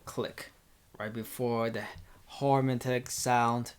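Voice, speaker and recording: A woman reading a visual novel aloud and commenting, halting and stumbling over words. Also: rumbling low, expressive. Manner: halting, with restarts and laughs. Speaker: game reader.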